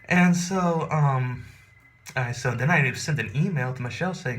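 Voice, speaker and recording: A man telling a personal story in a rambling, animated, profane, casual way. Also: mid-range voice, measured pace, slight background noise.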